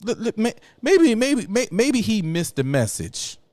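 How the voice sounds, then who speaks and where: A man's voice: high-pitched, very animated, moderate pace, a little mellow, no echo. A man hosting a political commentary show, slangy and emphatic, repeating lines for effect.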